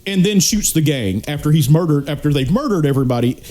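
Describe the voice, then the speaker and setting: Halting man retelling a movie scene. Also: on the high side, lively intonation, mellow. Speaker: podcast co-host. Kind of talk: casual movie review chat.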